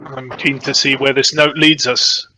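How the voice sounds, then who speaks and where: A man's voice: medium pitch, flat delivery, a little slow, pushed and bright, slight background noise, poor audio. A man playing a tabletop role-playing game who talks in a speculative, matter-of-fact way. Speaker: player.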